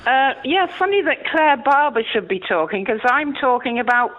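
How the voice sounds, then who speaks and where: A woman's voice: high-pitched, animated, normal speed, dry recording. An older woman calling a radio phone-in, chatty, a little nervous and indignant. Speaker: caller. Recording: tinny phone line.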